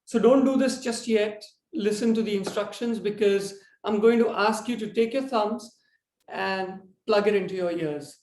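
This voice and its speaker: A man teaching a yoga breathing lesson in a relaxed, rambling way, tired and yawning. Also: high-pitched, moderate pace, echoey room. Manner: relaxed, rambling explanation with fillers.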